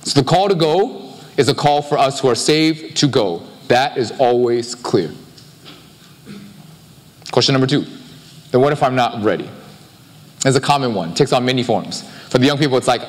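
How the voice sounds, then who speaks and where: A male pastor preaching a sermon in a conversational, animated way, with quick offhand asides. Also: medium pitch. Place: church sanctuary. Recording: live-streamed sermon with long hall reverb.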